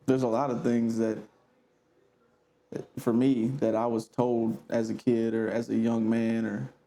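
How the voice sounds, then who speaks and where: A man hosting a podcast speaks reflectively and stops often for fillers. His voice has a gravelly rasp and a dark, relaxed tone. The talk is loose and casual. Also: medium pitch, a little slow. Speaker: podcast host. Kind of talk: casual conversation.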